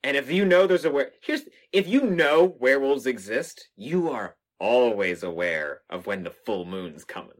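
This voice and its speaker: A man's voice: mid-range voice, expressive, moderate pace, hardly any pauses. A man co-hosting a casual movie podcast, wry and teasing, swearing now and then. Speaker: podcast co-host.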